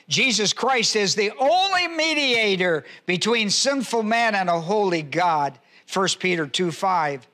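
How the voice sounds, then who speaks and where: High, bright-voiced male preacher teaching. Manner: spells out words and cites scripture references in a teaching tone; repeats key phrases slowly for emphasis. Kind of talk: sermon teaching.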